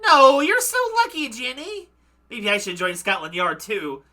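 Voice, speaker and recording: A streamer voicing a sweet, excitable young girl who talks in a gushing, eager way while reading game dialogue. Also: mid-range voice, measured pace, exaggerated voice.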